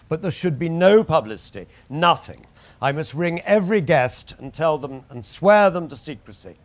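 A man narrating his memoir aloud with wry, anecdotal storytelling. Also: on the high side. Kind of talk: audiobook memoir reading.

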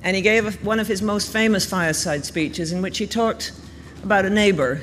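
Male speaker with a slightly raised pitch for thoughtful history commentary, recorded with a lingering room echo. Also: fairly bright tone. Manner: thoughtful, measured, conversational storytelling. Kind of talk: explanatory history talk. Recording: reverberant room with faint background noise.

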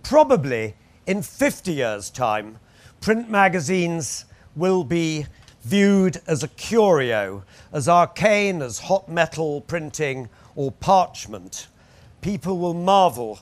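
A man's voice: fairly high pitch, sing-song, slow pace. A man narrating his memoir aloud with wry, anecdotal storytelling. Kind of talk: audiobook memoir reading.

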